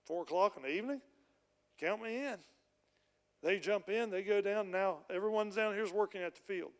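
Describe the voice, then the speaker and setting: A man's voice: high voice, moderate pace, long reverb tail. A man preaching a sermon as a pastor, retelling a parable in plain, conversational storytelling. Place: church.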